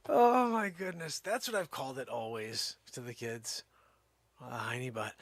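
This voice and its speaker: A man doing a rambling stand-up comedy monologue, switching between hushed asides and loud silly voices. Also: mid-range voice, a little slow, no echo. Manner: goofy, jumps between whispers and loud silly character voices; rambling and playful.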